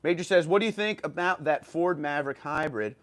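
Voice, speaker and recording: A man's voice: fairly high pitch, a little fast, fairly bright tone. A man with a New York accent hosting a casual livestream, reading viewer comments and chatting loosely with fillers and restarts. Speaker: livestream host.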